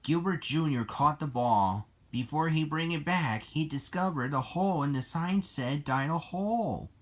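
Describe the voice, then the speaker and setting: A reader narrating a children's storybook in a slow, deliberate way. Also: mid-range voice.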